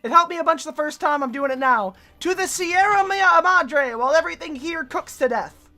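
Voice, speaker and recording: A young woman streaming herself playing a video game, excitable and swearing freely as she talks to the enemies on screen. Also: sits high, moderate pace, faint music behind. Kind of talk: casual gameplay commentary.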